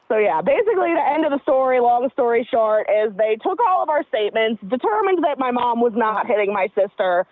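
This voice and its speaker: A woman's voice: fairly high pitch, a little fast, hardly any pauses, dry recording, rough recording. A woman calling into a comedy show, telling a story and acting out what others said. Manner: animated, acts out what others said. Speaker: caller. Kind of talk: casual storytelling.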